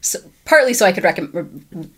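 A woman's voice: on the low side, very animated, fairly quick, fairly bright tone, slightly rough. A woman co-hosting a casual film podcast, speaking in a dry, wry way with casual swearing. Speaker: podcast co-host.

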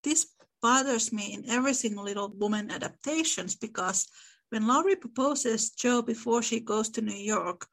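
Woman with a gravelly, higher voice. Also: moderate pace. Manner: thoughtful, reads book passages aloud. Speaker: podcast host. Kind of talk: casual literary discussion.

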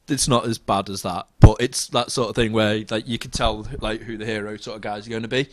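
Brief: young guy, low-ish voice, loose sweary film chat, dry close sound. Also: brisk, hardly any pauses, dry recording. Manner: animated, swearing, trailing restarts. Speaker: podcast co-host.

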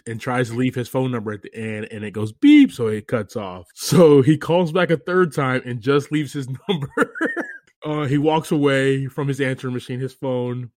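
Male podcast co-host, mid pitch, dry booth sound, easygoing recap. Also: dry recording. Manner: relaxed storytelling, laughs often. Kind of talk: casual chat recapping a film.

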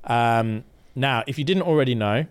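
A man's voice: mid-range voice, normal speed, clean tone. A man co-hosting a casual podcast, joking around and riffing on ad reads. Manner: jokey, animated, drifts into mock voices. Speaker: podcast co-host.

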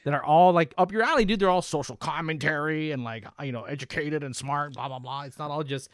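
A man's voice: fairly high pitch, brisk, no echo, clean studio sound. A man hosting a casual film chat, playful and teasing, given to talking at length.

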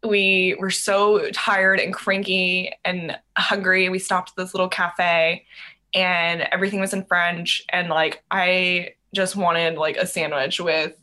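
A woman's voice: on the low side, takes it slowly. A young woman hosting a podcast, chatting casually and telling stories with lots of fillers. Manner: animated storytelling, many fillers. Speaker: podcast host. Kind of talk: casual chat.

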